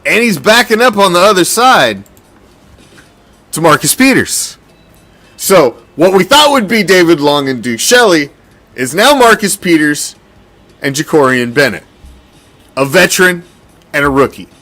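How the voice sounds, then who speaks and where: A male sports host with a fairly high, bright voice that swings widely in pitch. He talks loosely and profanely, rambling through his points with plenty of energy. The delivery is casual commentary. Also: very animated, a little slow, long pauses.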